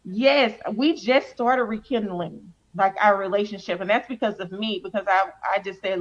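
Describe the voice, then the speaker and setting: A woman's voice: medium pitch, normal speed, few pauses, dull audio. A woman giving earnest, emotional personal testimony as a guest, often repeating words. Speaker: cast member and guest.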